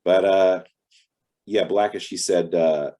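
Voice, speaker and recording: A man guesting on an interview over a video call, chatting casually and telling lively stories with voiced quotes. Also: low voice, takes it slowly. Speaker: actor guest.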